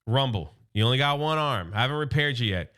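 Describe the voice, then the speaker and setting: A man's voice: medium pitch, lively intonation, fast, a bit bright, clear, resonant tone, pitched below the performer's own voice, natural voice. A man voicing a curt robot commander. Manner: casual paraphrased quote, barely acted.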